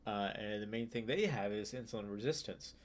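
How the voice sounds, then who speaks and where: Low-voiced young man reading study notes. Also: a little fast. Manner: reads text aloud then explains loosely with fillers and restarts. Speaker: student streamer. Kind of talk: casual study-along reading aloud.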